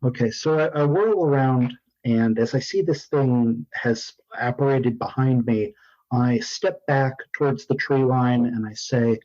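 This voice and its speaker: Measured man playing a tabletop game. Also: medium pitch, darkish tone. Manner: measured, planning aloud. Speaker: player. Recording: dull lo-fi sound.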